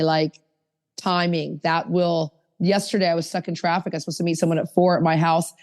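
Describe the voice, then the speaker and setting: A woman's voice: lowish voice, a little mellow. A middle-aged woman hosting a podcast, frank and chatty, speaking in loose fragments. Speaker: podcast host. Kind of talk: casual conversation.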